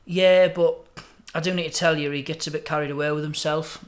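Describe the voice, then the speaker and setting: A man's voice: a little high, fairly even intonation, brisk, lightly acted. A man voicing a matter-of-fact male pet shop seller in a told joke.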